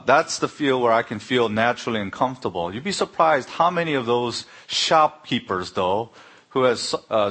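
A middle-aged man, preaching a sermon full of personal stories and acted-out dialogue. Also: medium pitch. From Korea. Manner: anecdotal, animated when acting out dialogue. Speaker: pastor. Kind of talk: sermon with storytelling.

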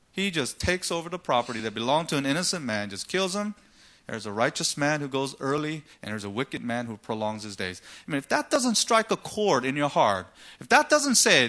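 Man, preacher, sermon, bright tone, rhetorical questions, dramatic storytelling. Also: high voice. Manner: rhetorical questions, dramatic retelling with acted voices. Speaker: pastor.

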